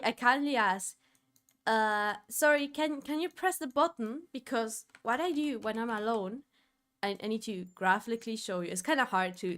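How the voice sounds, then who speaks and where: Woman streamer, casual storytelling, higher-pitched, swings between murmurs and loud outbursts. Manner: expressive, drops to low murmurs then bursts into loud exclamations.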